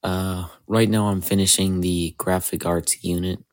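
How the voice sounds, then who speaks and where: Teen boy from Canada, drowsy and halting, low flat voice, dry sound. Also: no echo. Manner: quiet, hesitant, short answers. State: just woke up. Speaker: guest. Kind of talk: casual interview answers.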